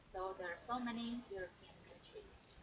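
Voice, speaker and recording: A woman teaching an English grammar lesson on a livestream, explaining slowly and checking in with the viewers. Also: mid-range voice, very noisy. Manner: slow, explanatory, checks in with "okay?".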